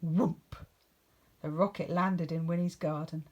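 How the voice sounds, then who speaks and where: Slow, lively-voiced woman reading a storybook. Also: fairly low pitch, breathy edge, muffled recording. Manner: expressive, playful storytelling with whispered asides. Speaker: primary school teacher. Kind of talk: reading a picture book aloud to children.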